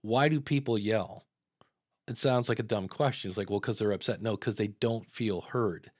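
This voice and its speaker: A man's voice: fairly low pitch, moderate pace, a little mellow, no room sound, clean studio sound. A man hosting a casual podcast chat, telling stories and acting out what people said. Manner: conversational, storytelling, acts out quotes. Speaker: podcast host.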